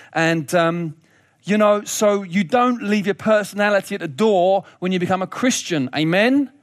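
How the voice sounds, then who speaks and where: A man preaching a sermon in a lively, humorous way, laughing often and repeating words as he goes. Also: sits high, moderate pace, no echo, clean studio sound.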